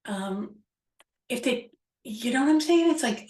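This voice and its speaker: A woman hosting a show retells a childhood story in a musing, reflective, rambling way. Her voice is a little high and darkish in tone, animated yet a little slow, recorded far from the mic in an echoey room.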